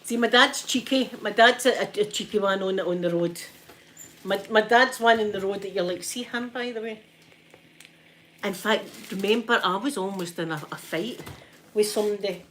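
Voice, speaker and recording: A woman's voice: medium pitch, fairly quick, fairly bright tone, slight background noise. A middle-aged woman with a Scottish accent talks in a mid-range voice, chatting to her viewers in a loose, casual way. She keeps stopping and starting as she tells rambling anecdotes. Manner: chatty, rambling, with frequent restarts. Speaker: ASMR streamer. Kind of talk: casual storytelling chat.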